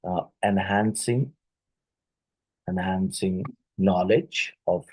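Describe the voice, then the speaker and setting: Teacher, male, Indian English accent; slow lecture delivery with repeated terms and fillers, dry recording. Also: deep voice, a little mellow, husky, dry recording, poor audio. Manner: slow, repeats key words, many fillers. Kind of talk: exam question-and-answer lecture.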